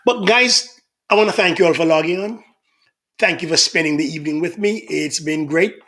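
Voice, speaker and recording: A man's voice: on the high side, moderate pace, fairly bright tone. A middle-aged man hosting a casual livestream, reading out viewer comments in a chatty, teasing manner. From Jamaica. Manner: chatty, teasing, laughs often.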